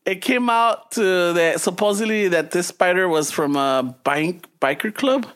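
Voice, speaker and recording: A man's voice: high-pitched, measured pace, a bit bright. A man telling a bar story in casual chat, switching between English and Spanish slang. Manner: mixes Spanish slang into English, acts out voices in his story. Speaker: podcast co-host telling a story.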